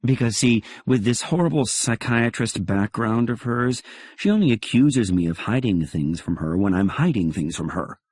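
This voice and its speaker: A man's voice: medium pitch, lively intonation, moderate pace, darkish tone, slightly rough, no room sound. A man narrating an audiobook in the first person, in a wry, conversational way.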